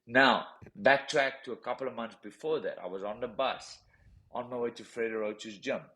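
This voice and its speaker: A man's voice: medium pitch, normal speed, rough recording. Intense South African man telling his story. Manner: intense, animated, repeats phrases. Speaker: podcast guest, professional boxer. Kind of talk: emotional personal storytelling.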